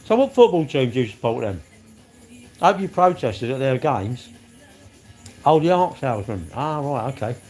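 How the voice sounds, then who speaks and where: A man's voice: mid-range voice, sing-song, normal speed, long pauses, darkish tone. Chatty man live-streaming, faint music. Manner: chatty, bantering, answers comments aloud. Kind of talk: casual live-stream chat with viewers.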